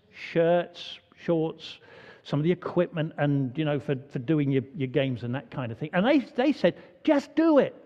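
A man's voice: high-pitched, a little mellow. A man leading an all-age church service, chatty and full of questions for the children. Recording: dull, echoey church hall recording.

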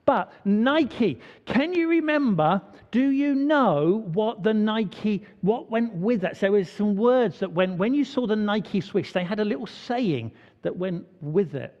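A man's voice: sits high, lively intonation, a little slow, hardly any pauses. A man leading an all-age church service, chatty and full of questions for the children. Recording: dull, echoey church hall recording.

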